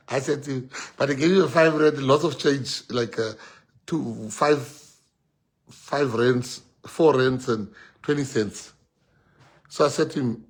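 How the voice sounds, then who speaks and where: A man with a South African accent gives an unscripted speech and tells stories as he goes. His voice is husky, slightly breathy, with mid pitch, and he speaks in a loose, conversational way that slips into Afrikaans now and then. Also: slow pace, long pauses. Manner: animated, laughing anecdotes mixing in Afrikaans. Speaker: politician addressing an audience. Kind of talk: storytelling speech.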